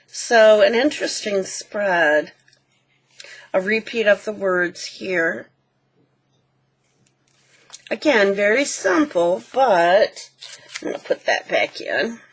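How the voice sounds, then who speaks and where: A woman hosting a craft channel, gently walking through a handmade book page by page and pointing out details. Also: mid-range voice, expressive, slow pace, long pauses, slightly rough. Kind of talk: casual show-and-tell walkthrough.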